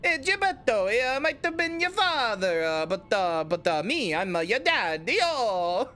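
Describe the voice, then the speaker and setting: A man's voice: high voice, sing-song, measured pace, pushed and bright, voice pushed up, exaggerated voice. A streamer putting on a mock Italian accent to play a swaggering father figure, drawling with lots of "uh"s. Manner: exaggerated, drawling with filler "uh"s.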